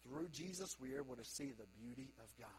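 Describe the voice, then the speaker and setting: A man preaching a sermon to a congregation, moving between quiet reflective stretches and loud emphatic calls to young people. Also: medium pitch, lively intonation, fast, slight background noise, rough recording. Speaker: pastor.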